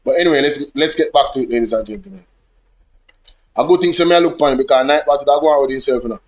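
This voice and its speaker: A man's voice: mid-range voice, racing. A man with a Jamaican accent hosting a casual livestream, talking animatedly and slipping between English and patois as he addresses the chat. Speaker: livestream host.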